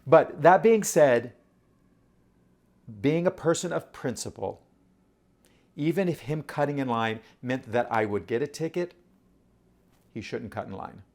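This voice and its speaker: A man talking casually to camera, animated and rhetorical, often throwing questions at his audience. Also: mid-range voice, measured pace, pauses often. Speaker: vlogger.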